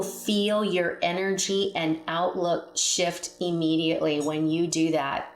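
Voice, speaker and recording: Slow, earnest spiritual teacher woman. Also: fairly low pitch, level tone. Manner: slow, earnest, softly emphatic with repeated affirmations. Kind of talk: spiritual guidance talk with guided affirmation. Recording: echoey room.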